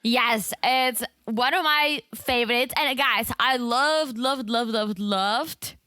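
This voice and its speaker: A woman's voice: a little high, slow pace, bright, forceful tone, smooth, dry recording, clean studio sound. A woman co-hosting a podcast with her husband, chatting casually and teasing him. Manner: laughing, teasing banter. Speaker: podcast co-host.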